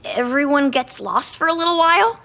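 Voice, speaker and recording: A woman's voice: sits high, big pitch swings, a little fast, vocal fry, pushed and bright, exaggerated voice. A woman voicing a curious, playful young boy in a children's audio story, asking eager questions. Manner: eager, chatty.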